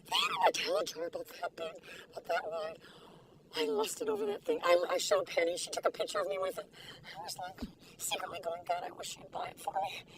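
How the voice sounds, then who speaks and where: A woman's voice: extremely high pitch, very animated, a little fast, gravelly, far from the mic, background noise. An older woman reviewing food in a casual video, gushing, giggly and full of exclamations, recorded in her car. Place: inside a parked car.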